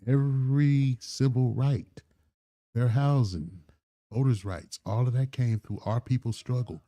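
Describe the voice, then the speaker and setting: A man's voice: mid-range voice, a little slow, mellow. A man hosting a commentary channel, talking bluntly and with heated profanity. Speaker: channel host. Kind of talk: casual commentary.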